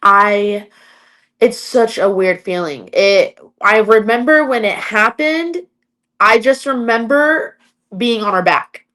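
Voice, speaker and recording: A woman's voice: a little high, takes it slowly, a bit bright. A young adult woman, an MMA fighter, chatting as a podcast guest and telling stories, with lots of "like" fillers. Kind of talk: casual interview storytelling.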